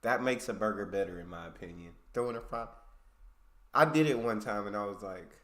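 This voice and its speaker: An American man hosting a reaction video, giving easygoing, laid-back comments and quick agreeing remarks. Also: on the low side, fairly bright tone. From United States.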